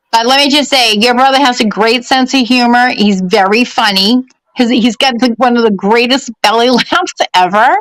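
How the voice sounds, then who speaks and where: A woman's voice: on the high side, fairly bright tone, no room sound, low-quality recording. A woman doing psychic readings on a live stream in a chatty, laughing way, at home. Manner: chatty, laughing, talks to her pets. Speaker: psychic medium. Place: home during a power outage.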